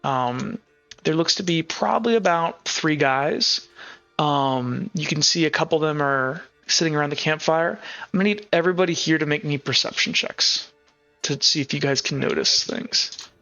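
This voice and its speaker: A man's voice: fairly high pitch, moderate pace, gravelly, pushed and bright, lo-fi sound, soft background music. A man running a tabletop game as game master, narrating casually with lots of filler words.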